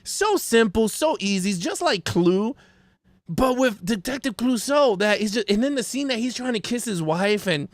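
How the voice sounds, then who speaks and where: A man co-hosting a casual movie review chat, animated and laughing as he acts out favorite scenes. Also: high voice, normal speed, no echo, studio quality. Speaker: podcast co-host.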